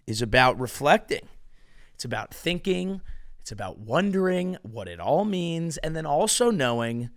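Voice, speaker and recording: A man from California delivering a rambling, sarcastic comedic monologue as host, veering from mumbled asides to loud outbursts. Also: mid-range voice, no room sound, clean studio sound.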